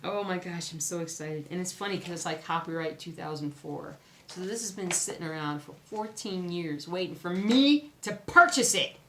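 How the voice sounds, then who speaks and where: A woman with a somewhat low voice chats to her viewers about her stitching, excitable and quick to exclaim. The room around her is echoey, with a faint hiss of background noise. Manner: excitable, chatty, exclaims often. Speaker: cross-stitch vlogger. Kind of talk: casual chat to camera.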